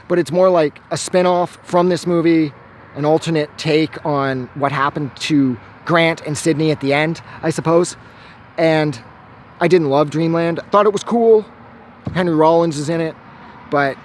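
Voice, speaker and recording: A man from Quebec, his voice sitting a bit high, rambles through a casual movie review and swears freely as he goes. He sounds keen and unpolished. Faint traffic hums behind him outdoors. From Quebec, Canada. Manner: rambling, profane, enthusiastic.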